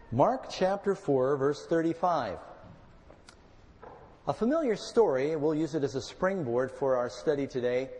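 A man pastor delivering a calm, measured sermon with dramatic scripture readings. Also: a little high, in a large hall.

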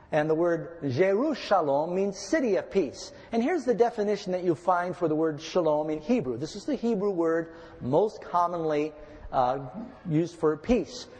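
Man preaching with long reverb. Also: on the high side. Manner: measured, expressive preaching with occasional fillers. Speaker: pastor. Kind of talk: sermon with scripture reading. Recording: long reverb, broadcast sermon.

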